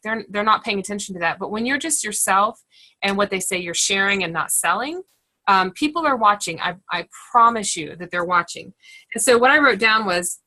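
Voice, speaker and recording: Bright-voiced woman coaching her sales team. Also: medium pitch, low-quality recording. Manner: chatty and encouraging, acts out quoted lines. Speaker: direct sales team leader.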